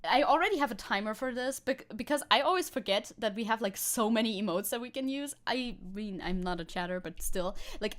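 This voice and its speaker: A woman streamer chatting casually with her viewers, rambling and laughing often as she types. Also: mid-range voice. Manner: rambling, giggly, talks to chat while typing. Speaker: VTuber streamer. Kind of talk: casual live-stream chat.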